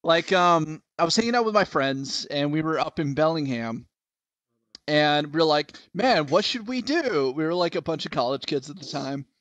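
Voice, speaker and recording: A man's voice: a little high, normal speed, a bit bright, dry recording. Rambling young man hosting a chat. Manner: nervous, rambling storyteller. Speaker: host. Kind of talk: casual chat.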